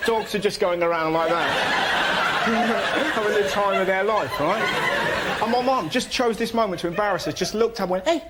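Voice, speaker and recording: A young man doing stand-up on a TV panel show, excitable and quick to break into shrill shouted voices. His voice sits somewhat high for a man. Loud noise fills the recording. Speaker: comedian panelist. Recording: loud noise, studio audience laughter.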